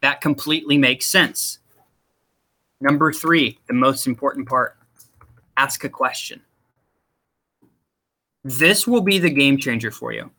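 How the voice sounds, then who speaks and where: A man's voice: medium pitch, measured pace, long pauses, bright, forceful tone. A man working as a career coach, giving direct, emphatic interview advice and repeating his key points. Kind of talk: instructional talk to viewers.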